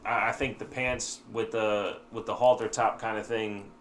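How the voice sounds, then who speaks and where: A man's voice: lowish voice, flat delivery, normal speed, a bit bright, a little hiss or hum. A man hosting a casual podcast at home, chatting loosely and often trailing off with hesitant asides. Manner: hesitant, trailing off with "I don't know". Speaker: podcast host. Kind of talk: casual chat. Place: home, watching TV while recording.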